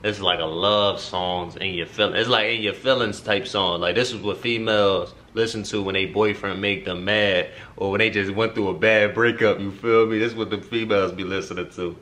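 A man's voice: on the low side, steady tone, moderate pace, few pauses, pushed and bright. Slangy man reacting to a song. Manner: slangy, talks straight to viewers, repeats "you feel me"; earnest advice-giving, preachy streak. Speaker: reaction video host. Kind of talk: casual music reaction commentary.

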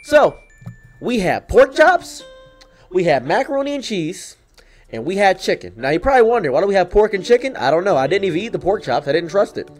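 A young man tells a comedic story in a wry, mock-dramatic, deadpan way. His voice sits a bit high and leaps around expressively. Soft guitar music plays quietly under him. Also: a little fast. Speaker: storyteller, channel host.

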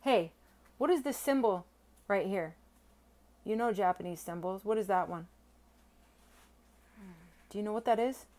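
A young woman talking straight to her viewers in a casual unboxing vlog. She gushes with excitement, stammers when she is overwhelmed and lets the odd swear word slip. Her voice sits at an ordinary middle pitch for a woman. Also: unhurried, long pauses. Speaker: silver-stacking vlogger.

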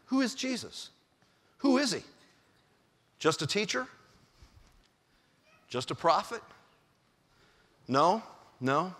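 A male pastor preaching a sermon in a church, telling the story in an animated way and chuckling often. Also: high-pitched, normal speed. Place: church sanctuary. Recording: long church reverb.

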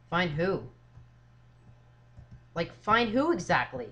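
Lively, cursing horror-game player. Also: medium pitch, moderate pace, long pauses, slight background noise. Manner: swears a lot, shouts at jump scares; filler-heavy, says "like" and "seriously" often. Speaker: gamer playing a horror game. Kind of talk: let's play commentary.

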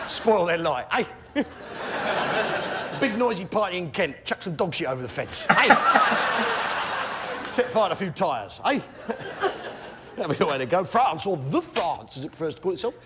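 Guy doing stand-up, swaggering pub-landlord bluster, high voice swooping all over, roaring crowd. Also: big pitch swings, slow, long pauses, heavy background noise. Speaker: stand-up comedian. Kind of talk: live stand-up set. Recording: loud crowd laughter, live venue.

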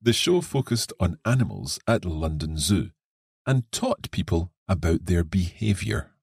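A man co-hosting an English lesson podcast who reads short text passages aloud and explains them in a clear, encouraging way. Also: sits low, sing-song, measured pace, darkish tone, no echo, studio quality.

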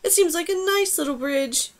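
A woman voicing a spirited, brave young girl archer in a lifted, brighter voice. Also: very high voice, moderate pace, pitched above the performer's own voice.

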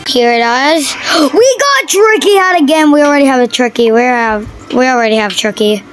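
High, lively woman yelping at her game. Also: normal speed, faint music behind, poor audio. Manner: excitable, yelps and gasps at the game. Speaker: mobile game player. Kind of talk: casual gameplay commentary.

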